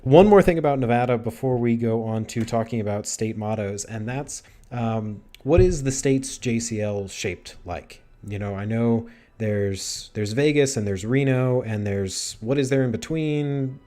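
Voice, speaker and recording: A man's voice: mid-range voice, a little slow, hardly any pauses, dark tone. A man hosting a livestream interview, chatty and self-deprecating with playful asides. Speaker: livestream host. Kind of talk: casual interview chat.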